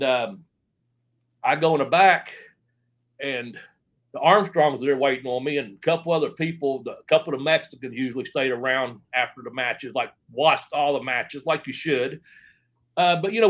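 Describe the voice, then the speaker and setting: A man's voice: mid-range voice, a bit bright, lo-fi sound. A man, a former pro wrestler, telling stories in an interview, rambling with lots of fillers. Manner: rambling, filler-heavy, acts out quotes. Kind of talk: shoot interview storytelling.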